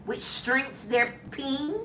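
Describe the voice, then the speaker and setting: A woman in her fifties chatting casually as a lifestyle vlogger, animated and jumping to high squeals when acting out reactions. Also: drawn-out words, echoey room, distant mic, slight background noise. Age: 50s. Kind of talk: casual chat.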